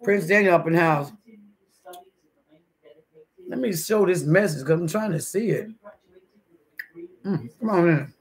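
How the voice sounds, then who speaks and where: A man's voice: high voice, measured pace, long pauses. A man hosting a casual live stream, chatting and reading the chat aloud as he eats breakfast, laughing often. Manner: laughs often, with sudden loud outbursts.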